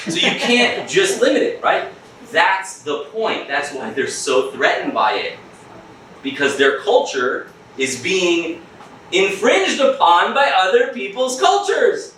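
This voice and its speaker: A rabbi giving a lively, joking class at a school, acting out quick voices of other people as he teaches. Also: a little high, recorded from a distance, slight background noise. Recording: echoey room, mic from afar.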